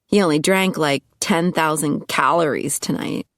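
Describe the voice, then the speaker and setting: A woman voicing a drunk, ditzy young blonde woman who whines and giggles in a high, squeaky voice. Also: moderate pace, no echo, clean studio sound, lightly acted. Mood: tipsy, whiny. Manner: high-pitched, whiny party-girl voice.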